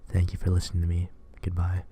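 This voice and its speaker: A man reading as a solemn, remorseful old gentleman. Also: low-pitched, monotone, natural voice. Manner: slow, measured.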